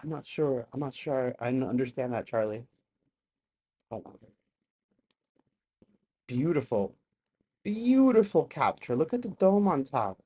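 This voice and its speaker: Excitable live streamer reacting to videos. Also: medium pitch, measured pace, long pauses, slightly rough. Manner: excitable, bursts into loud exclamations; chatty, apologetic asides to viewers.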